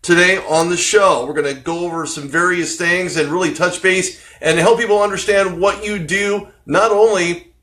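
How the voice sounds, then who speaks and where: A man's voice: sits high, steady tone, normal speed, fairly bright tone. A man hosting a live-streamed interview show, asking long rambling questions with lots of energy. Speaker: host.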